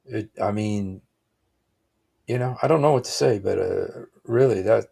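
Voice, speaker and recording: A man hosting a livestream speaks in a low-leaning, unhurried voice that is creaky, warm and husky. He offers rambling, casual reaction commentary, often breaking into exclaimed asides.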